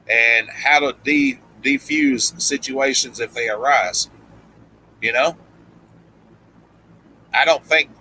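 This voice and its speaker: A middle-aged Tennessee man talks loosely on a live stream, padding his sentences with fillers and restarts. His country accent is plain, and his voice is very bright and edged. A faint background hum runs under him. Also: medium pitch, low-quality recording. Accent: Southern US, Tennessee. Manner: rambling, frequent "you know" fillers and restarts. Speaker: livestream host. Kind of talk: casual live-stream chat.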